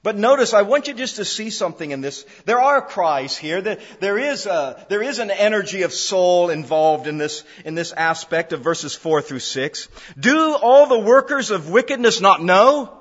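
A man's voice: sits high, expressive, moderate pace, hardly any pauses, a bit bright. A man preaching an expository sermon, emphatic, repeating phrases for stress. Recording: dull lo-fi sound in a reverberant hall.

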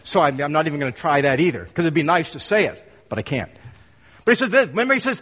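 A man's voice: a little high, animated, fast, a bit bright, husky. A man preaching an expository sermon, emphatic and full of rhetorical questions. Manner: emphatic, rhetorical questions, acts out quoted voices. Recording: long hall reverb.

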